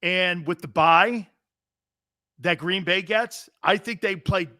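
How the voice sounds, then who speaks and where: A middle-aged man hosts a sports talk show in a rambling, animated, profane way. His voice sits a bit high for a man. The sound is close and dry. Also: slow, dry recording. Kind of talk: casual sports talk banter.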